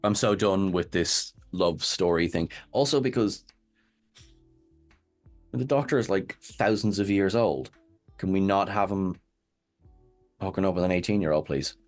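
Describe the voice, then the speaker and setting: Irish man co-host, low-ish voice, animated, halting. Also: soft background music. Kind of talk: casual discussion.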